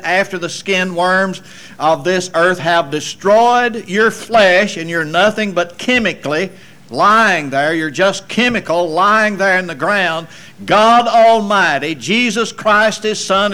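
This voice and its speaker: A man preaching a sermon, swinging between loud emphatic passages and low, quiet asides. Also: clear, resonant tone. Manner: slow deliberate delivery with folksy asides.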